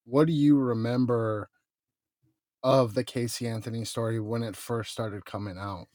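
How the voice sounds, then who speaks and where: A man hosts a podcast in a relaxed, conversational way, filling pauses with "you know." His voice is mid-pitched. The recording is dry and close. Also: no echo. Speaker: podcast host. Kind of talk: casual chat.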